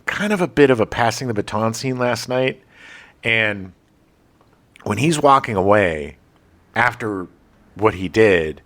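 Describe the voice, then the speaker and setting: A man co-hosting a movie podcast in casual chat, animated and jokey, with some swearing. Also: fairly low pitch, a little slow, pauses often. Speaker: podcast co-host.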